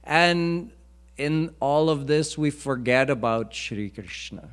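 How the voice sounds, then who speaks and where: A swami preacher gives a devotional lecture in a temple hall, teaching earnestly and chanting Sanskrit verses. His voice is on the high side, animated, a bit bright and smooth, and he takes it slowly.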